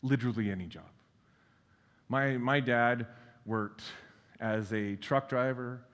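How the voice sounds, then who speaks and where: A man's voice: mid-range voice, takes it slowly, a bit bright. A man giving a conference keynote in a casual, self-deprecating way, with lots of fillers and blunt swearing. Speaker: keynote speaker. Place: large conference hall. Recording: long reverb of a large hall.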